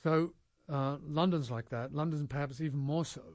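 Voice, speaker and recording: A man's voice: on the high side, normal speed, darkish tone, dry recording. A man hosting a casual radio talk show with guests, speaking thoughtfully with many fillers and restarts. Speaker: radio host.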